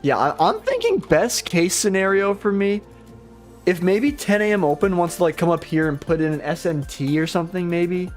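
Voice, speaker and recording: A man's voice: sits high, big pitch swings, normal speed, soft background music. A young man trading on a live stream, rambling casually, swearing often, and poking fun at himself. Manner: rambling, profane, self-deprecating. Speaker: live-stream futures trader.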